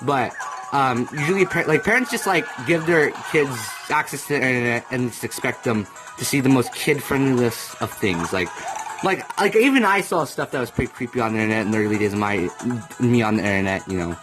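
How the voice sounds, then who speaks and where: A young man rambling through casual gameplay commentary, now and then bursting into comic yells. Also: mid-range voice, lively intonation, fairly quick, poor audio. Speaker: let's play gamer. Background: video game music.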